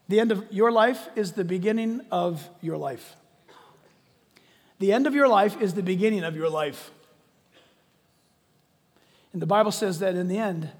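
A man preaching a sermon as pastor, swinging from shouting to hushed, quiet lines. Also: high-pitched. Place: church sanctuary. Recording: long reverb of a large hall.

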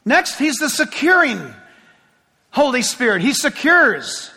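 A man preaches to his congregation in a high, clear voice, chatting through asides and acting out little scenes. His bright, forceful tone rings with the long echo of a large church hall. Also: slow. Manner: lively, conversational preaching with asides and acted-out scenes. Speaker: pastor. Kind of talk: sermon. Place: church sanctuary before a congregation.

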